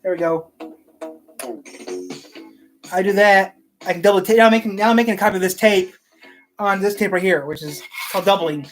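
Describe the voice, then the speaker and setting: A woman runs her own channel and chats casually at home to camera, rambling and often restarting what she says. Her mid-range voice moves fairly quickly but with long pauses, and faint music plays behind her on the desk-mic recording.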